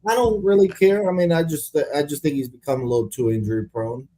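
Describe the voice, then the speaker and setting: A man's voice: fairly high pitch, fast, mellow. A man co-hosting a casual sports debate, opinionated and dryly sarcastic. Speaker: co-host.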